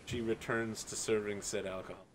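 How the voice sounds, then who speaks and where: A man's voice: fairly low pitch, flat delivery, brisk, a little hiss or hum. A man narrating a tabletop game as game master in a casual, chatty way. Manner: casual, chatty, many fillers.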